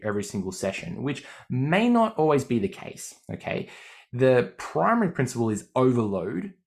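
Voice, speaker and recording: A man with an Australian accent, a fitness coach explaining training ideas in a podcast, often checking in with "okay?". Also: on the low side.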